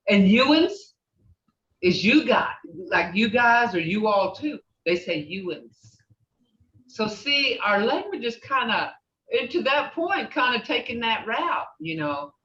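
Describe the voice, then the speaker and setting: A woman's voice: on the high side, very animated, slow pace, sharp tone, a little hiss or hum. Chatty older Oklahoma woman teaching. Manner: chatty, laughs often, acts out sounds. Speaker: language teacher. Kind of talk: casual class talk. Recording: distant, dull, roomy sound.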